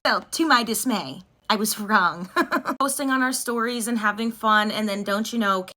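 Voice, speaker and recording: A woman's voice: medium pitch, moderate pace, pushed and bright. A woman in her twenties telling a story in a casual, chatty way while doing her makeup. She swears freely and says "like" often. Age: 20s. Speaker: beauty vlogger.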